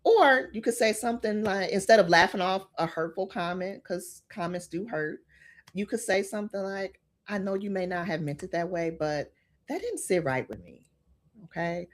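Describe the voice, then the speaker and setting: A woman's voice: medium pitch, moderate pace. A middle-aged woman hosting a podcast, giving an earnest motivational talk and checking in with the listener often. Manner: earnest, repeats "okay?" to the listener. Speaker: podcast host.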